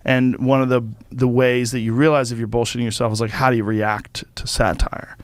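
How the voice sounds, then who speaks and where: A man hosting a podcast in loose, casual chat, cursing often and jumping into voices to act out his stories. His voice sits at an ordinary middle pitch. It is close-miked and dry in the studio. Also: a little fast, dry recording. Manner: profane, animated, acts out voices in stories. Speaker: podcast host.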